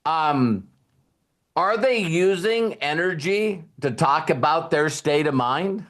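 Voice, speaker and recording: A man's voice: a little high, slow pace. A middle-aged man giving a motivational talk who keeps acting out little conversations as he goes. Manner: animated, acts out little dialogues. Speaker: motivational speaker.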